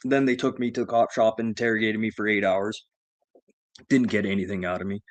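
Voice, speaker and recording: A man's voice: on the low side, a little fast, dry recording. Profane storytelling man, dry close sound. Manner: profane, laughing, animated retelling. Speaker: vlogger telling a story. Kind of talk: casual storytelling.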